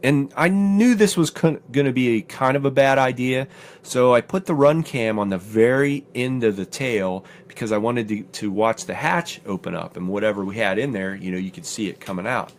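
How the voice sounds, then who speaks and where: A middle-aged man co-hosting a studio talk show, telling a long story in a casual, animated way and jumping high in pitch when he quotes himself. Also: moderate pace, a little hiss or hum. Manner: animated storyteller, acts out his own quotes with rising pitch. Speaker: podcast co-host.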